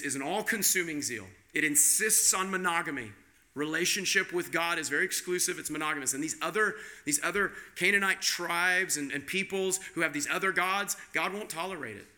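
A man's voice: fairly high pitch, sharp tone. A male pastor giving a conversational sermon, posing rhetorical questions to the congregation.

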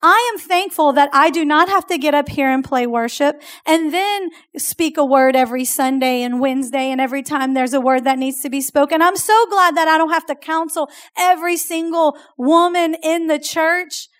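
A woman preaching a sermon to a youth group, telling stories in a chatty, animated way. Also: high voice, moderate pace, few pauses. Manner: animated storytelling, chatty with "like" and "oh my gosh".

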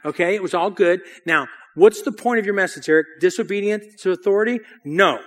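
Male preacher, high voice, animated and casual storyteller. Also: fairly quick. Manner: lively and casual, often says "dude". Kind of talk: storytelling sermon.

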